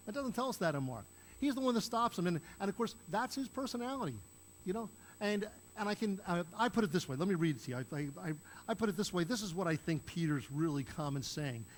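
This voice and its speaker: A man's voice: high voice, expressive, a little fast, rough recording. A man preaching a sermon as pastor, acting out the Bible characters in raised voices as he tells the stories.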